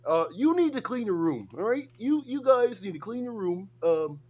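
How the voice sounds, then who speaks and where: Man doing a goofy rambling frog puppet, stop-start filler, lively swoops, bit higher. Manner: halting, filler-heavy rambling. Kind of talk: livestream impression.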